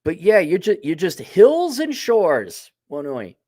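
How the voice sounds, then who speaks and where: A man's voice: high voice, huge pitch swings, a little slow, mellow, dry recording, studio quality. A man hosting a casual opinion monologue, talking in a blunt, sardonic, profane way. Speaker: host.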